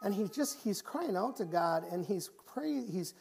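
A man preaching a church sermon, often repeating and restarting phrases and rising in pitch and volume when he reaches the pleading passages. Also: animated, measured pace, creaky, breathy edge. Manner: grows louder and higher when pleading passages. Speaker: pastor. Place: church sanctuary.

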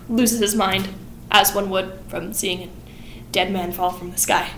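A woman hosting a casual vlog, retelling a story in a chatty way and slipping into quick voices for the characters. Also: medium pitch, a bit bright, slight background noise. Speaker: channel host. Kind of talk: casual plot summary vlog.

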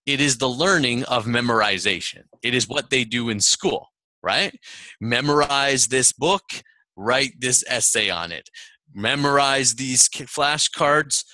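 A man's voice: mid-range voice, dry recording. A man speaking as a motivational speaker at a seminar, telling a personal story with laughs along the way. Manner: storytelling, animated, laughs often. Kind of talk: seminar talk.

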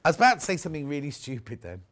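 A man's voice: on the high side, sing-song, racing, fairly bright tone. An English man presenting live on a shopping channel, chatting away and reading viewer messages aloud. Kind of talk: live sales chat. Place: TV studio.

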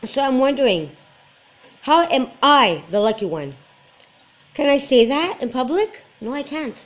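A woman's voice: sits high, big pitch swings, unhurried. Woman, 40s, from Quebec, personal vlogger, earnest and emotional, muffled lo-fi sound. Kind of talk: personal vlog talk to camera.

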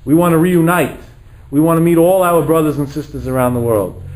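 A man's voice: a little high, brisk, darkish tone, poor audio. Dramatic storytelling rabbi, man. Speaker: rabbi lecturer. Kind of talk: storytelling sermon.

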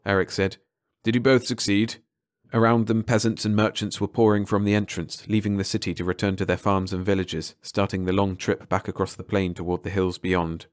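A man narrating an audiobook in calm, measured scripted narration. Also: low-pitched, dry recording, studio quality.

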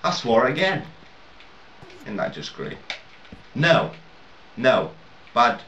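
A man's voice: mid-range voice, big pitch swings, slow pace, sharp tone, slight background noise. A man giving casual let's-play commentary while building, rambling, self-mocking and swearing a lot. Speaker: gaming video maker. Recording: roomy, distant, dull, lo-fi mic.

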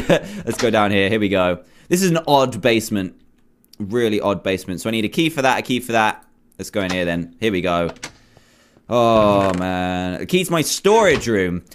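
A man's voice: mid-range voice, slight background noise. A young man hosting a horror game playthrough, jumpy and exclaiming as he talks to himself and his viewers. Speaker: gaming video host. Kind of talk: let's play commentary.

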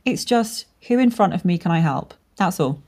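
A woman with a slightly low voice hosts a solo podcast about running a business. She talks frankly and casually, dropping swear words as she goes. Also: expressive, normal speed, darkish tone, slightly rough. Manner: candid, swears freely, storytelling with laughs. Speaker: podcast host and brand strategist.

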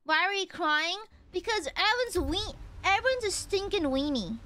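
A young woman streamer chats with her audience in a very high voice that swoops up and down. She teases viewers and thanks them for donations, playful and animated. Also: a little hiss or hum. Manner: playful, teasing, reads out donations; animated, quick pitch jumps. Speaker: VTuber streamer. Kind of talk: casual live-stream chat while gaming.

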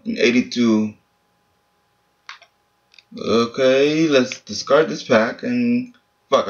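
A man's voice: medium pitch, a bit bright, dull audio. A seventeen-year-old boy giving casual, frustrated commentary while opening game packs at home, swearing often and keeping his voice down. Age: teens. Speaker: gaming channel host. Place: family home, speaking quietly.

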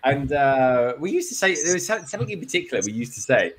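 A man's voice: medium pitch, big pitch swings, fast talker, fairly bright tone, a little hiss or hum. A man on a live stream panel, chatting and telling jokey stories, laughing often. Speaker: regular panelist. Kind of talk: casual chat.

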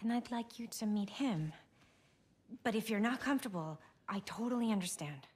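A woman voicing a mother in a video game, speaking softly and tentatively to her teenage son. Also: a little high, expressive, normal speed, husky. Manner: soft, tentative. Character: gentle mother telling her teen son about dating.

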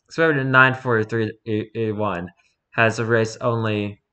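A man reading a horror document aloud in an even, report-like narration. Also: on the low side, unhurried, smooth. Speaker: reader.

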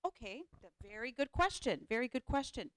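A woman speaker and life coach giving an animated motivational talk to a live audience at a conference panel, repeating phrases and often checking in with "right?". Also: fairly high pitch, brisk, no echo. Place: conference hall.

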